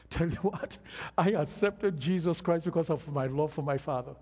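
An older man preaching a sermon, slow and emphatic, with long pauses between phrases. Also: fairly high pitch, a little mellow, slightly rough. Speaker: pastor. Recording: long reverb of a large hall.

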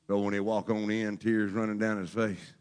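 A man preaching a fervent sermon as pastor, speaking straight to his congregation in folksy phrasing and moving between quiet talk and shouting. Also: fairly low pitch, level tone, normal speed, clean tone.

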